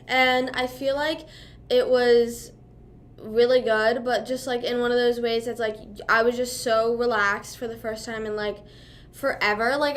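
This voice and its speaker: A young woman streamer from Pennsylvania rambles through a casual livestream chat. Her voice sits a little above the usual pitch, she packs her sentences with "like" and "you know what I mean," and now and then she talks through a mouthful of food. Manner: talking while chewing food.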